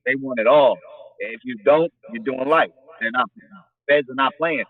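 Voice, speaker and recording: A man's voice: mid-range voice, moderate pace. A man speaking as an interview guest, blunt and profane, repeating phrases as he builds his point. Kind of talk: casual interview talk. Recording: phone-like remote audio.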